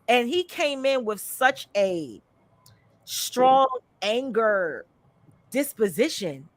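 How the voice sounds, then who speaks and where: Woman podcast host, candid storyteller, chatty and animated, dry close sound. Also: on the high side, takes it slowly, dry recording. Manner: animated, chatty, frequent "you know" and "like". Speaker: podcast host and life coach.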